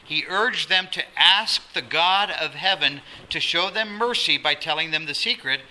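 A man preaching a sermon as pastor, animated, acting out quotes and dropping to a soft voice for emphasis. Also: on the high side, a little slow. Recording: noisy sermon recording.

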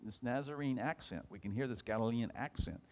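A man's voice: mid-range voice, fairly quick, darkish tone. A man teaching an informal Bible class, reading scripture aloud and then talking it over with frequent restarts. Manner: reads scripture aloud with rising emphasis, then talks it over with many restarts.

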